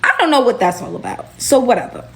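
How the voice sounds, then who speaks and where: A young woman from Brooklyn tells a storytime vlog. She is animated and chatty, dropping "like" and "right?" all through it. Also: fairly high pitch, quick pace, vocal fry, a little hiss or hum. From Brooklyn, New York.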